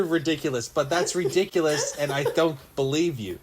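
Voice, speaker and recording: A young man co-hosting a podcast in casual chat, jokey and animated, putting on voices when he quotes people. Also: on the high side, moderate pace, a crowd in the background. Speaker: podcast co-host.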